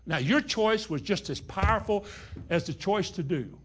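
A male pastor delivering a sermon with a slightly higher-than-usual voice. He talks in a folksy, conversational way, sinking to quiet, intimate lines before building to forceful, emphatic claims. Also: expressive, normal speed, slight background noise. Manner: folksy, swings between hushed and emphatic.

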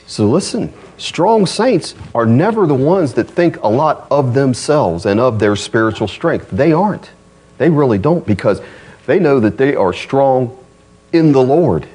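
A man preaching a sermon in a conversational way, acting out quoted voices and moving between loud emphasis and quiet, low asides. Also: very animated, unhurried, breathy edge. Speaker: pastor.

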